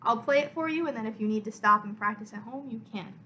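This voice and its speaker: A woman orchestra teacher explaining music step by step in a clear, encouraging way for a recorded lesson. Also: fairly high pitch, fast, bright, forceful tone, slight background noise, low-quality recording.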